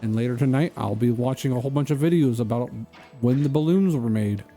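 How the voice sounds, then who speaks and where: Streamer bavard à la voix douce. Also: male voice, medium pitch, brisk, mellow, faint music behind. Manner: rambling, joking, easily sidetracked. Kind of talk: casual chat while gaming.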